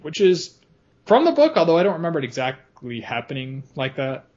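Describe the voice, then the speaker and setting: A man talks through a film with a co-host, lively and quick to laugh. His voice sits at an ordinary pitch. The audio is a bit dull and lo-fi. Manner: animated, laughs often, quotes lines in funny voices. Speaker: podcast co-host. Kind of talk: casual film discussion.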